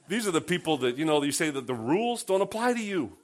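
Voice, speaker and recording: Animated male preacher with a lively voice. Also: on the high side, fast talker, hardly any pauses. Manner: animated, swings from hushed to loud and sarcastic; conversational, asks the congregation rhetorical questions. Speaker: pastor. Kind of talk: sermon.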